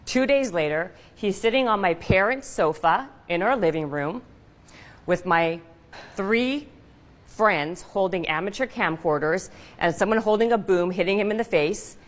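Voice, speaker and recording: A woman giving a stage talk, telling a personal story in a lively, punchy way with rhetorical questions. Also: medium pitch, long reverb tail.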